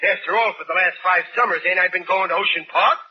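A man's voice: sits high, fast, natural voice. An actor playing a bumbling, whiny working-class husband and father with a Brooklyn accent, in 1940s radio sitcom style. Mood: complaining. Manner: whiny, comic, ungrammatical. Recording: hissy lo-fi old radio recording.

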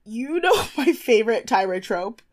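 A giggly young woman on a podcast, her high voice bouncing all over the place. She gossips in a loose, casual chat, breaking into laughter again and again. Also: animated, normal speed. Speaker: podcast co-host. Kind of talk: casual chat recapping a TV show.

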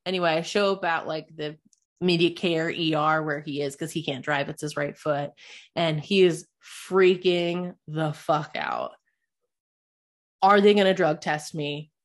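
A woman's voice: deep voice, fairly even intonation, moderate pace. Candid, profane woman telling a story. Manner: candid, profane, rambling with many fillers. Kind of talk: personal storytelling.

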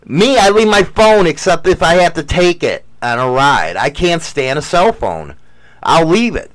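A man with a high, animated voice that swings all over the place, talking in loose casual banter. He is crude and swears constantly, boasting and half-preaching his opinions as he jokes around with his co-host. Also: a little slow. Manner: profane, boastful, mock-preaching. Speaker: podcast co-host.

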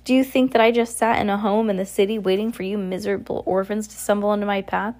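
A woman's voice: mid-range voice, fairly even intonation, fast talker, darkish tone, close to an everyday voice. A gloating, scheming storybook villain, put on by a woman reading aloud. He growls and sneers mockingly at the children, full of contempt. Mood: sneering.

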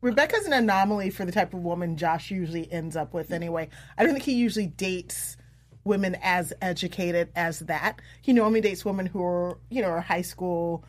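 A woman chatting casually as a podcast co-host, easygoing and quick to agree. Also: fairly low pitch. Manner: easygoing, agreeable, often says "yes". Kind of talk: casual chat.

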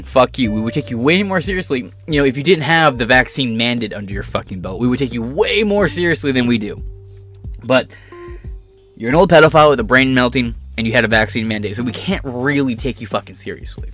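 A man's voice: mid-range voice, a little fast, a bit bright, faint music behind. A man ranting in a reaction commentary, profane, sarcastic and combative. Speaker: political commentator.

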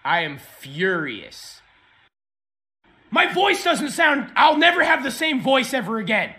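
A man's voice: very high voice, very animated, normal speed, sharp tone. A man prank-calling a chat line, ranting in a profane, mock-furious manner. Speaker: prank caller. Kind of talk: crude prank call messages.

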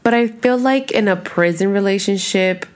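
A woman's voice: medium pitch, moderate pace. A young woman hosting a podcast in casual chat, rambling and swearing often. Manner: rambling, chatty, cusses a lot. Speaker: podcast host.

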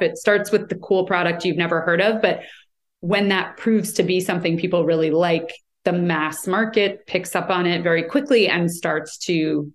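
American woman explaining cheese, low voice. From United States. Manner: thoughtful, explanatory, with many fillers and restarts. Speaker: cheese writer and commentator. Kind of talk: conversational interview answer.

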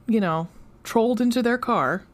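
A woman co-hosting a book club podcast in casual chat, bubbly and quick to laugh. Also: a little high. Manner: bubbly, laughs often, animated. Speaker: podcast co-host.

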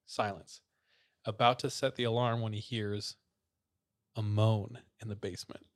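A man's voice: lowish voice, moderate pace. A man casually retelling a creepy story, full of fillers. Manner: relaxed storyteller, many "like" fillers.

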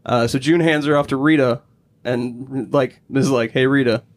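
A man talking casually on a podcast, walking through a TV episode scene by scene. He tells it as a story, swears freely and laughs often. His voice sits at a middle pitch. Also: measured pace. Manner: animated storyteller, acts out characters' lines in put-on voices. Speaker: podcast co-host. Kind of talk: casual chat recapping a TV episode.

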